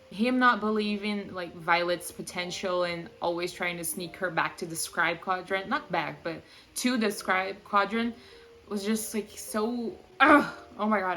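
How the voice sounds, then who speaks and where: A young woman vlogging a casual book review, gushing and animated, full of "like" and quick laughs. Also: fairly low pitch.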